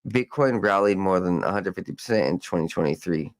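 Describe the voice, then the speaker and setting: A man's voice: deep voice, expressive, a little fast, dry recording, rough recording. A man hosting a podcast, reading news articles aloud and breaking off into loose, rambling commentary full of fillers and restarts. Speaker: podcast host.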